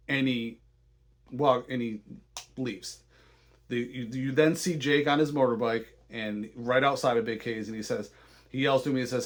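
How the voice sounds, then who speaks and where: A man casually recapping a film as host, clearly excited by what he describes. He often trips over his words and restarts sentences. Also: mid-range voice. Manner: enthusiastic, halting with frequent restarts. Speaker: podcast host.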